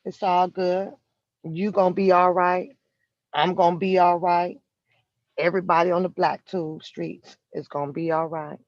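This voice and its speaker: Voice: mid-range voice, little pitch movement, no echo. Profane confrontational vlogger ranting in a vehicle. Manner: profane and confrontational, drawn-out emphasis. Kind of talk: heated commentary rant. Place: inside a vehicle. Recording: dull, lo-fi and dry.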